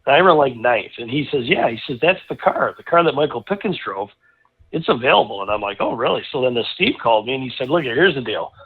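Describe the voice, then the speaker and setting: Man, middle-aged, casual storytelling, rambling and animated, tinny phone-like sound, mid pitch. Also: fast talker, breathy edge. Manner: rambling, animated anecdote with many restarts. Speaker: guest racing driver.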